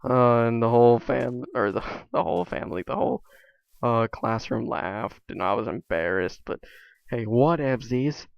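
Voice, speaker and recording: A man's voice: mid-range voice, moderate pace, creaky, clean tone, no room sound, highs cut off. A man vlogging alone, telling stories in a casual, rambling way full of fillers and asides. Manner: rambling, many fillers, self-interrupting asides.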